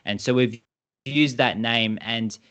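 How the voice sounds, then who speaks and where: A man's voice: lowish voice, normal speed, a bit bright, dull audio. A man with an Australian accent, a badminton brand co-founder, explaining at length in a casual interview over a video call. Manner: enthusiastic, rambling explanations.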